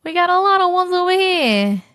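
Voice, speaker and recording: Animated woman live-streamer, lively swings in pitch. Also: moderate pace. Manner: animated, swears freely, exclaims in disbelief. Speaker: live-stream host reading viewer stories. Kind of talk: casual live-stream chat and story reading.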